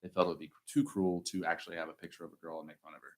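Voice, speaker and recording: A man's voice: sits low, flat delivery, darkish tone. A man co-hosting a podcast, chatting casually and jokingly while recapping a movie. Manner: joking, chiming in with quick agreements. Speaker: podcast co-host.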